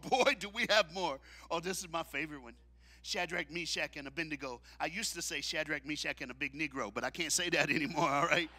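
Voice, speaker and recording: High, bright fiery preacher man. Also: quick pace. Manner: dramatic, swings from shouting to hushed; call-and-response with the crowd. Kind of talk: sermon. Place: church auditorium.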